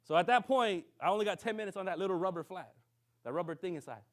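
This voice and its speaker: Guy preaching fast, higher voice than most men, keeps asking the congregation "right?". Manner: lively storytelling, acts out quoted dialogue, keeps checking in with the congregation. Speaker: minister. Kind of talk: sermon storytelling.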